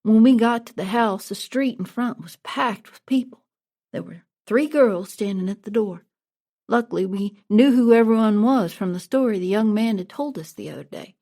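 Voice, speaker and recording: Gravelly, mellow woman narrating a storybook. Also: medium pitch, normal speed. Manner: plain, steady storytelling. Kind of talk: audiobook narration.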